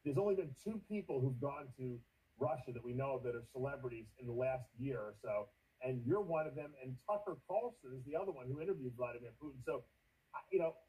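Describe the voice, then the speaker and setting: A man's voice: medium pitch, lively intonation, quick pace, mellow, recorded from a distance, rough recording. A man hosting a casual chat, often stumbling and repeating words as he talks. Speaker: host.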